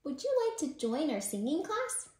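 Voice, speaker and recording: A woman voicing a chirpy, friendly robin in a storybook reading, high and lively. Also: normal speed, distant mic. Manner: bright chirping. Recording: roomy echo.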